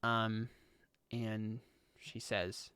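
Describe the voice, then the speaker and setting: A man's voice: fairly low pitch, level tone, extremely slow, very noisy. A young man running a tabletop game as game master, explaining the lore in a rambling way with lots of restarts.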